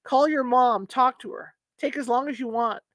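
A woman's voice: sits high, moderate pace, no echo, lightly acted. A woman voicing a worried, protective young husband in a read-aloud story, soothing but urgent.

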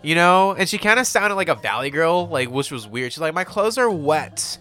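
A man's voice: fairly high pitch, animated, fairly quick, pushed and bright, soft background music. A young man with a stuffy nose, co-hosting a podcast in a casual, slangy way, often laughing as he tells stories. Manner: laid-back, laughing, slangy storytelling. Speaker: podcast co-host. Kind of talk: casual chat.

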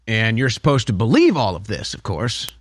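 A man's voice: fairly low pitch, huge pitch swings, normal speed, dry recording. A man hosting a talk radio show, delivering a sarcastic, heated opinion monologue in a studio.

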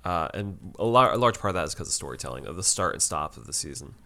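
A man's voice: deep voice, very animated, quick pace, pushed and bright. A man co-hosting a podcast, chatting casually and rambling through a TV episode review with many fillers and restarts. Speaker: podcast co-host.

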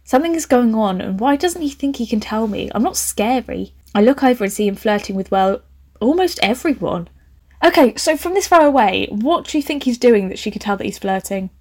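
A woman's voice: on the high side, animated, a little fast, a little mellow. A young woman reading a story aloud, breaking off for playful, laughing, camp asides.

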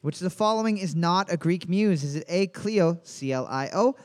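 A man's voice: high-pitched, expressive, normal speed, darkish tone. A man hosting a casual trivia podcast, reading each question twice and cracking crude jokes. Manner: jokey, swearing, reads questions twice. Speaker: trivia host.

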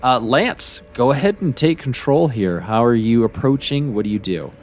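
A man narrating as game master of a tabletop game, calm and measured with many fillers. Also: mid-range voice, soft background music.

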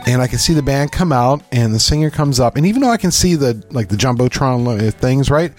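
Middle-aged Pennsylvania man, podcast co-host, animated storyteller voicing his own quotes, faint music underneath. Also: mid-range voice, fairly quick. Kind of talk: casual chat.

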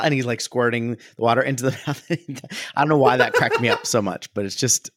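A man's voice: medium pitch, moderate pace, fairly bright tone, dry recording, clean studio sound. A man co-hosting a podcast in casual chat, rambling and amused as he talks. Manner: rambling, amused, restarts often. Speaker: podcast co-host.

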